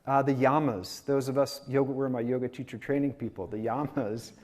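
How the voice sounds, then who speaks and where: A man giving a Sunday sermon as a minister, reflective and unhurried, mixing personal stories with gentle laughs. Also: mid-range voice, steady tone. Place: spiritual community service.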